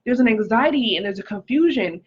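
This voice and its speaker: A woman's voice: a little high, expressive, brisk, slightly rough, dull audio. A woman giving an earnest, emotional testimony on a live stream as a life coach, reading viewer comments aloud. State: pregnant, recovering from stroke.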